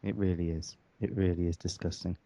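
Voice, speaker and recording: A man hosting an interview, asking questions in a soft, hesitant way with fillers. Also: sits low, level tone, a little fast, no echo. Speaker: host. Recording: dull lo-fi audio.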